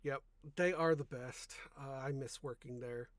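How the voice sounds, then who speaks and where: A man's voice: medium pitch, fairly even intonation, measured pace, no room sound. A young man hosting a podcast, chatting casually in a rambling way, often correcting himself mid-sentence. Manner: rambling, self-correcting, soft-spoken. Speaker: podcast host. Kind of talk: casual chat.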